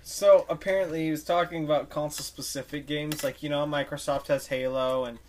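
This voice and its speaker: A man's voice: on the high side, steady tone, a little fast, darkish tone, slight background noise. A man in a casual chat, laid-back, prompting his friend and chiming in.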